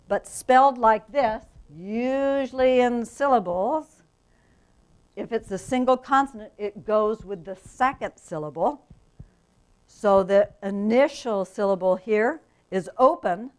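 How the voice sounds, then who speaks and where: A woman's voice: medium pitch, poor audio. Woman lecturing teachers, engaged. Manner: enthusiastic, asks the audience questions, frequent "right?". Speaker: university reading methods instructor. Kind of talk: professional development lecture. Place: conference room.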